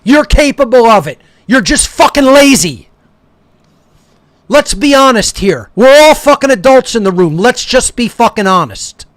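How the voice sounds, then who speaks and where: Man, very high pitch, angry profane rant, dry close recording. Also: animated, measured pace, dry recording. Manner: aggressive, berating, swearing constantly. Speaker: speaker. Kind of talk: profane ranting monologue.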